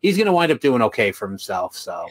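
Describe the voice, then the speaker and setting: A man's voice: medium pitch, very animated, quick pace. Stammering, easygoing podcast guy. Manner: hesitant, stammering, restarts often. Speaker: podcast co-host. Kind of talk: casual wrestling podcast chat.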